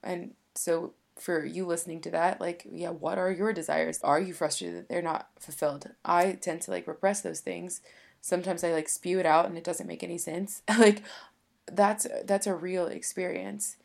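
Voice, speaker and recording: A woman's voice: fairly low pitch, fairly even intonation, moderate pace, creaky. A woman co-hosting a podcast, talking in a chatty, reflective way about faith and using "like" a lot. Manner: chatty and reflective, heavy use of "like". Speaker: podcast co-host. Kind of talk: casual faith chat.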